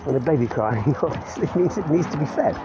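A man's voice: fairly high pitch, animated, fairly quick, noisy background. A man in his fifties rambling on about his day for his podcast while walking his dog outdoors, laughing often and restarting his sentences. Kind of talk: rambling casual monologue. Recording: muffled recording with clear music behind.

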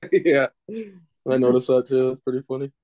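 A man's voice: mid-range voice, unhurried, mellow, dull audio. A man guesting on a podcast in casual chat, agreeable and mostly giving short replies.

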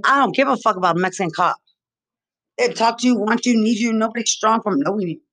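A Texas woman talks fast in a fairly high, slightly bright voice, ranting with repeated accusations and lots of swearing. She comes across as agitated, accusatory, and repetitive.

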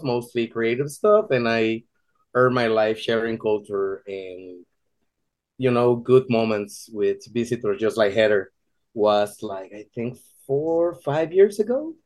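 A man from Mexico, chatting as a podcast guest, laughing often and pausing on fillers. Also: medium pitch, expressive, darkish tone. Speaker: podcast guest, tour guide. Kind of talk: casual conversation.

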